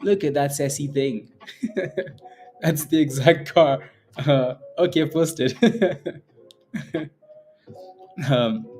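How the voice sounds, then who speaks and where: Slow-talking man hosting a trading stream. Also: a little high, a little mellow. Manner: playful, laughs often, greets chat viewers by name. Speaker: day-trading livestream host. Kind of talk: casual livestream chat with viewers.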